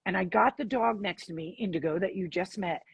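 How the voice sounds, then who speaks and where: A woman guest on an interview podcast, telling a personal story in an animated way and acting out the dialogue. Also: medium pitch, fairly quick, gravelly, slightly rough, no echo, lo-fi sound. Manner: animated, acts out dialogue in her stories.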